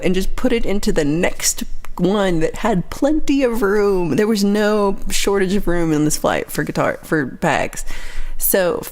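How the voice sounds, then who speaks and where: A young woman hosting a casual livestream chat, telling a story with lively quoted voices and laughs. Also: medium pitch, a little slow. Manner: animated storytelling, acting out quoted people, frequent laughs. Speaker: livestream host.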